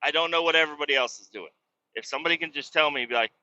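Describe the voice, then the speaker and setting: A man's voice: a little high, very fast, sharp tone, highs cut off. A man in his thirties hosting a solo podcast, ranting casually and profanely in a rambling, exasperated way. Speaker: podcast host.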